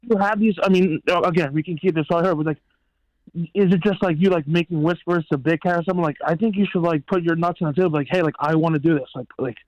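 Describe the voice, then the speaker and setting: A man's voice: a little high, fast, no echo, muffled recording. Blunt, profane man on the line. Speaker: caller and regular. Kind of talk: casual chat.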